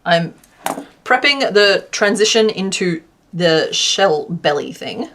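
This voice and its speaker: A woman's voice: mid-range voice, lively intonation, slow, fairly bright tone, a little hiss or hum. An Australian woman from Western Australia chatting casually to her live-stream chat while crocheting, laughing often.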